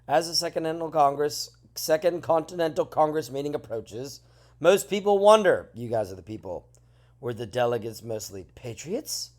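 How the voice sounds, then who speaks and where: A man's voice: on the high side, normal speed. Chatty, tired male teacher. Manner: chatty, lively, jokey asides. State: tired, yawning. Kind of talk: classroom lesson walkthrough.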